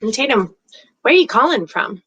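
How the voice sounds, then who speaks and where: A woman hosting a live stream, telling stories in a chatty, animated way and giving psychic readings to callers. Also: on the high side, normal speed, dull audio, slight background noise. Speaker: host and psychic reader.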